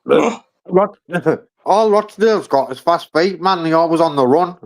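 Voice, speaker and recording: A man's voice: fairly high pitch, unhurried. A man, mocking his friends with laughing, sweary banter on a group call.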